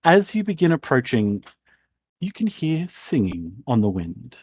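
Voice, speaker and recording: A man's voice: mid-range voice, very animated, measured pace, a little mellow, husky, no room sound. A man narrating as game master in a loose, rambling way, swearing casually.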